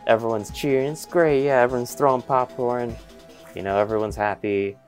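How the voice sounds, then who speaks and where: A man's voice: mid-range voice, steady tone, moderate pace, faint music behind. A man co-hosting a podcast, rambling through a comedic made-up movie recap. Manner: rambling, voices characters in quotes. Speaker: podcast co-host.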